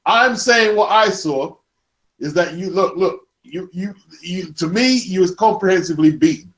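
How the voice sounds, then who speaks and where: A man's voice: high voice, normal speed, fairly bright tone, reverberant. A man hosting a boxing talk show, persistently cutting in to debate a caller. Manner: persistent, repeats the caller's name to cut in. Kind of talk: heated call-in debate.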